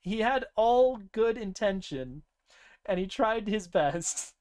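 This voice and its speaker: A young man co-hosting a podcast, casually recounting a tabletop game session with lively laughter. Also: slow, clean tone. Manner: animated, laughing often, breaks into high-pitched character voices. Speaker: podcast co-host.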